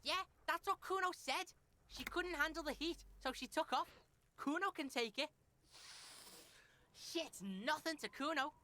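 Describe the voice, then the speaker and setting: A woman's voice: high-pitched, measured pace, sharp tone, slight background noise, pitched above the performer's own voice. A woman voicing a crude, swaggering young boy who taunts and talks about himself in the third person. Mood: taunting.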